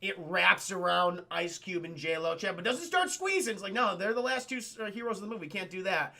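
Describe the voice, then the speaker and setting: A man streaming a profane film recap to his chat, animated and acting out characters in goofy voices. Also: sits high, fairly quick, creaky.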